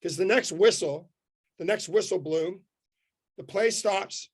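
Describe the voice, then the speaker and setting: A man from Canada giving an energetic motivational talk on a video call, telling a story in punchy short sentences. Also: sits high, unhurried. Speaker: motivational speaker.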